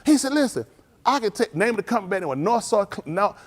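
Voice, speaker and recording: Middle-aged male preacher, high lively voice, street storyteller who scolds his flock. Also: fast. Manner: animated storytelling, acts out dialogue, scolding the audience. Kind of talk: livestreamed sermon with street stories.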